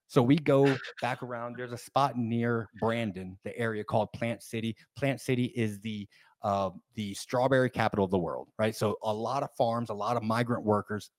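A man hosting a podcast, telling a rambling, animated story in casual conversation. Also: mid-range voice, normal speed, no echo, studio quality. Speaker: podcast host.

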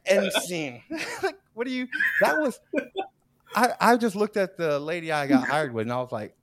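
A podcast host relaxes into a rambling workplace story. He jumps between low mutters and high bursts of laughter, acting out the people he quotes. The mic is close and the room is dry. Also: moderate pace, no echo. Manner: animated, laughs often, acts out quoted people. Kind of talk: casual storytelling chat.

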